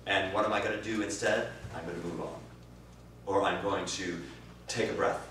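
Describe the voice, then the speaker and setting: A man teaching improv, answering interview questions in an animated way, swearing and swinging from quiet musing to loud bursts. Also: sits low, moderate pace. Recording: distant roomy recording with faint noise.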